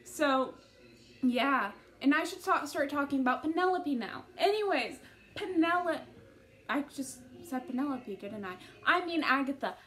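A woman's voice: high-pitched, lively intonation, unhurried, a bit bright, slight background noise. A woman giving a casual, rambling book review to camera, full of fillers and self-interruptions.

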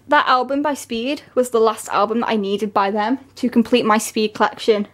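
A woman talking casually in a vlog, gushing and excitable, with lots of filler words. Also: a little high, moderate pace, few pauses. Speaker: vlogger.

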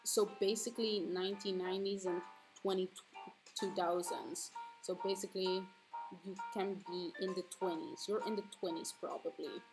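A woman's voice: medium pitch, fairly even intonation, moderate pace, music in the background, rough recording. A woman in her twenties chatting casually while drawing on stream, swearing freely and breaking into squealing laughs when flustered. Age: 20s. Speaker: streaming artist.

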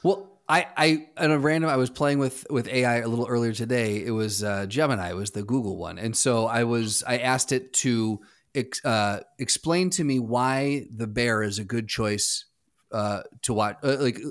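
Measured man weighing in. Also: mid-range voice. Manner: measured, reasoned opinions with many restarts. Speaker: podcast co-host. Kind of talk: casual chat.

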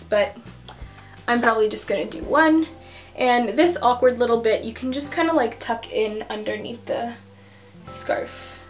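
A young woman vlogger talking casually through a tutorial at home, full of "um" and "like" fillers. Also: a little high. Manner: chatty, many fillers like um and like.

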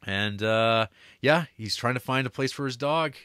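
A man co-hosting a film podcast, retelling the plot casually and acting out lines from the story with quick laughs. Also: medium pitch, bright, forceful tone, clear, resonant tone, dry recording, clean studio sound. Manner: laughs while talking, many restarts. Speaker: podcast co-host. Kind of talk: casual film review chat.

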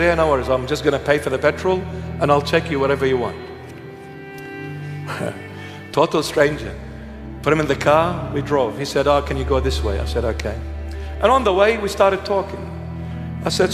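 A man's voice: fairly high pitch, moderate pace, pauses often. A man preaching a sermon, telling a story with humor and self-mockery. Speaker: bishop preaching. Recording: echoey hall with music behind.

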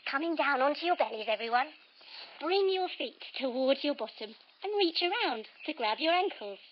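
A woman telling a story while leading a yoga lesson for children, slow, playful and sing-song, with sound effects. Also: sits high, expressive, a little hiss or hum. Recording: slightly dull lo-fi audio.

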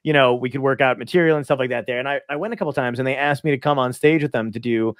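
A man's voice: medium pitch, fairly even intonation, rapid-fire, no room sound, clean studio sound. A man hosting a podcast, telling stories in a loose, laughing way with plenty of swearing. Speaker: podcast host. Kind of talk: casual chat.

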